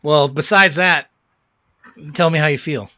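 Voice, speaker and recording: A man's voice: fairly high pitch, measured pace, sharp tone, no room sound, studio quality. A man co-hosting a casual podcast chat about music, enthusiastic and rambling, with lots of fillers and restarts and some swearing. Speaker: podcast co-host.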